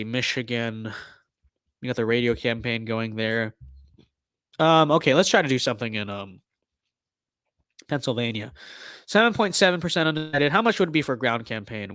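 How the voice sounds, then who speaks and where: On a stream, a young man offers casual gameplay commentary packed with ironic mock-political bluster and repeated catchphrases. His mid-range voice has a fairly bright tone, recorded at studio quality with no echo.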